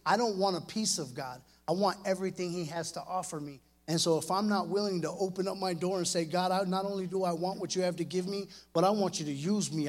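A middle-aged man delivers a sermon to young people, his voice sitting a little high for a man. He talks directly to the kids, earnest and animated, pressing each point home. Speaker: youth preacher.

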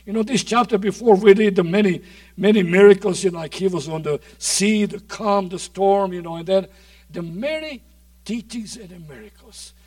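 A man preaching with a high voice, moving from loud shouts to hushed near-whispers. The sound comes from a mic set some distance away. The room adds little echo. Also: normal speed. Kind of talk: sermon.

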